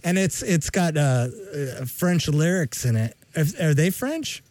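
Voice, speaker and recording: A man's voice: on the high side, sing-song, a little slow, a little mellow, no echo. A man co-hosting a podcast in casual chat, joking and rambling, sometimes humming and mock-singing. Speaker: podcast co-host.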